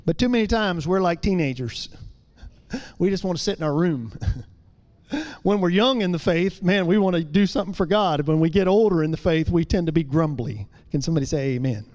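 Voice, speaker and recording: A middle-aged man preaching a sermon, emphatic, repeating his phrases and slowing down for key lines. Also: fairly high pitch, expressive, a little mellow.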